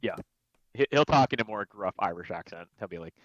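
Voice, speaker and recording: A man's voice: fairly low pitch, lively intonation, brisk, no room sound, dull audio. A man playing in a tabletop game, rambling casually about his character. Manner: rambling, laughs through his lines. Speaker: player.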